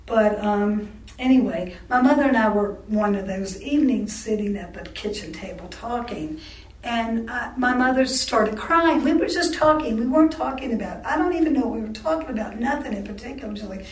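Older woman telling her story in a roomy echo. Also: a little high. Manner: halting, full of restarts and self-corrections. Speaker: interviewee recalling her life. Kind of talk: oral history storytelling. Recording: roomy sound from a distant mic.

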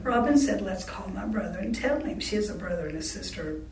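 A woman's voice: mid-range voice, animated, brisk, darkish tone. A blunt, outspoken woman recounting her family life as an interviewee in an oral history. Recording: roomy echo, distant mic, faint background noise.

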